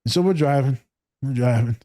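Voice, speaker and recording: A man's voice: medium pitch, a little fast, mellow, no echo, studio quality. A man hosting a podcast, telling a self-mocking story in casual chat, laughing often and swearing freely. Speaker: podcast host.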